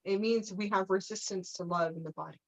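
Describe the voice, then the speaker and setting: A woman's voice: mid-range voice, steady tone, a little fast, poor audio. A woman leading a live spiritual teaching session, meandering through her points, often checking in with "okay?" and breaking into playful laughter.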